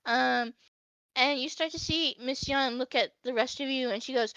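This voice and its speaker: A woman game master narrating a tabletop game in a bright, slightly high voice. She talks in a loose, hesitant way full of fillers, recorded dry and close. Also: moderate pace, dry recording.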